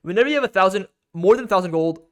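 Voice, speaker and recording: A man's voice: high voice, lively intonation, very fast, a bit bright. A man giving an instructional game guide as a coach, emphatic and repetitive, often checking in with "okay?".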